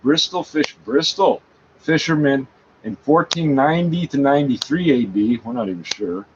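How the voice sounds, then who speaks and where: A man reading a page aloud and talking back to it, scornful, correcting it and swearing often. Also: medium pitch. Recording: dull lo-fi sound, faint background noise.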